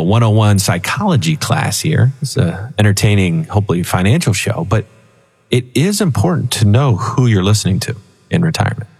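A man co-hosting a financial radio show, telling stories with animated chat. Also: fairly low pitch, husky, in a large hall. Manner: animated storytelling with laughs. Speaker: financial advisor co-host.

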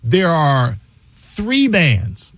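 A man's voice: fairly high pitch, very animated, very slow, fairly bright tone, no echo. Radio host, male, effusive talker in a dry booth. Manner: enthusiastic, rambling, emphatic. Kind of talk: radio interview.

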